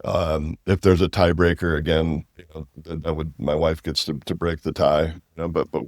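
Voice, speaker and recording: A man's voice: extremely low pitch, level tone, normal speed, a little mellow, dry recording, clean studio sound. A man from Washington, in his fifties, talking casually as an interview guest, rambling with many fillers and restarts. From Walla Walla Valley, Washington. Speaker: winery owner and interview guest.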